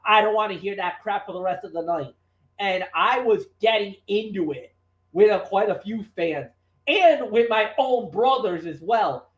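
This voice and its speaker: A man co-hosting a sports talk show, giving his opinions in an emphatic, animated way with frequent restarts. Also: sits high. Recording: roomy echoey room.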